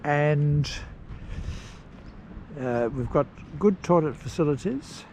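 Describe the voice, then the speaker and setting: A man casually narrating a road trip outdoors, rambling with pauses and fillers. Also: a little high, expressive, a little mellow. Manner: slow, rambling, pausing with fillers. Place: outdoors at campsites and parks. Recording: noisy outdoor recording.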